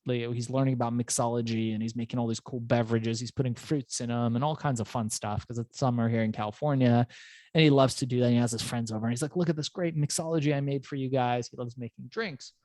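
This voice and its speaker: A man's voice: mid-range voice, steady tone, fast talker, dark tone, dry recording. A man hosting a podcast, telling stories in a rambling, casual way and swearing now and then. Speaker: podcast host.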